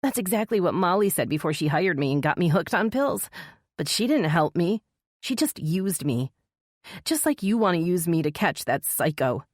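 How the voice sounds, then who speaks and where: A woman's voice: medium pitch, sing-song, normal speed, no room sound, studio quality, voice pushed up. A woman voicing a scared young woman in an audiobook, speaking in a shaky, tearful, guarded way. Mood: bitter.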